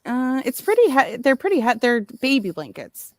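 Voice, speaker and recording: A woman's voice: high voice, huge pitch swings, moderate pace, a little mellow, no room sound, studio quality. A woman co-hosting a casual livestream, rambling and correcting herself as she talks. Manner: rambling, self-correcting, giggly. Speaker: livestream co-host. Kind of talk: casual chat.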